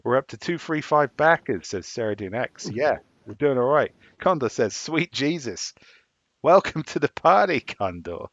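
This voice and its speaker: A man's voice: medium pitch, sing-song, normal speed, fairly bright tone, no room sound. An English man co-hosting a podcast, talking casually and swearing often as he fires up his listeners. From England. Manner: profane, emphatic rallying of listeners. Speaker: podcast co-host. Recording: dull, dry lo-fi sound.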